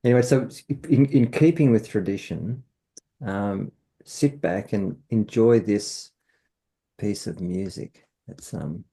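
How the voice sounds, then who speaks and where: Gravelly-voiced Australian man hosting. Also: fairly low pitch. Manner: relaxed, chuckling, halting restarts. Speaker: workshop host. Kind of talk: casual group video call.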